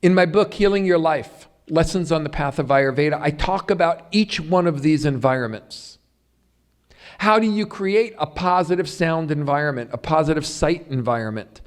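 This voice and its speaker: A middle-aged man delivers a public lecture, pressing his listeners with one rhetorical question after another. His voice sits a little on the high side for a man, and he leans hard on key words. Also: normal speed. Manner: rhetorical questions to the audience, emphatic. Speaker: Ayurveda lecturer. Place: yoga center hall.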